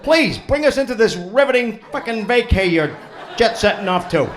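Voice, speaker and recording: A man's voice: high voice, very animated, normal speed. A man doing a profane stand-up set, teasing the crowd in a comedy club. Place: comedy club before a live audience.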